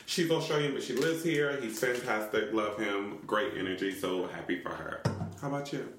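A man hosting a podcast, teasing his co-host with quick interjections. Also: on the low side, expressive, fairly bright tone, roomy sound, a little hiss or hum. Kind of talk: casual chat.

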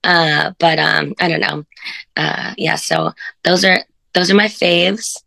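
Low, gravelly, bright-toned bubbly woman. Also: steady tone, slow pace, no echo. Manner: bubbly, rambling, filler-heavy. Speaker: comedian guest. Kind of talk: casual chat.

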